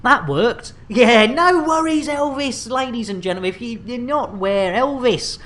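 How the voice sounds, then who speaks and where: A man's voice: very high-pitched, moderate pace, loud music behind the voice. A man streaming a space game, rambling and joking with repeated catchphrases. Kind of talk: live-stream commentary.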